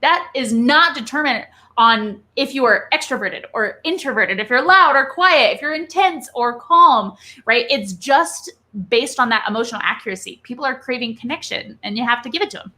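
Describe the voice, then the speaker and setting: Bright, animated woman coaching on charisma. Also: on the high side, moderate pace, hardly any pauses. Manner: animated, coaching, frequent "right?" tag questions. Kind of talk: conversational interview.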